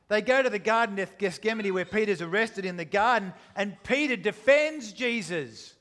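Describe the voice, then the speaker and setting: Give me a high-pitched male preacher telling a story with dramatic swings. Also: expressive, fairly quick, few pauses. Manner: dramatic, shifting between loud and hushed. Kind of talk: sermon retelling a story.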